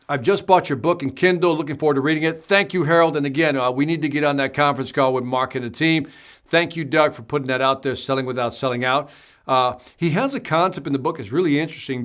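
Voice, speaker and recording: A man's voice: mid-range voice, a bit bright. A man hosting a live stream, reading viewer comments aloud and answering them in a chatty, upbeat way.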